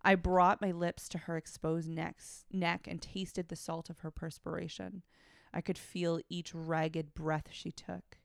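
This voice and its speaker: A woman's voice: lowish voice, little pitch movement, unhurried, gravelly, dry recording, studio quality. A woman podcast co-host reading fiction aloud and breaking off now and then for frank, wry asides.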